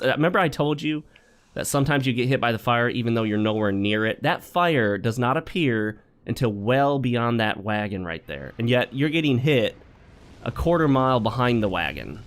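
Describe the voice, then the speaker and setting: A male gaming host with a voice of ordinary pitch. He narrates his play in a loose, chatty way and slips into wry jokes and advice between fights. The feel is casual let's-play commentary. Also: expressive, normal speed. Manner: chatty and wry, joking asides while playing.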